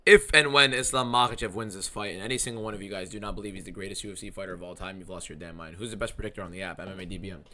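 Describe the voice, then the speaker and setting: A man hosting a live fight watchalong stream, talking in an excitable, profane and rambling way. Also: low voice, rapid-fire, hardly any pauses. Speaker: streamer host.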